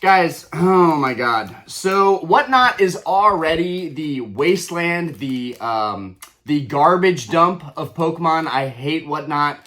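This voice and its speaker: A man's voice: fairly high pitch, animated, slow, hardly any pauses, fairly bright tone. A young adult man hosting a collector channel, ranting heatedly with lots of fillers and restarts. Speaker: Pokémon card collector channel host. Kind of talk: ranting vlog commentary.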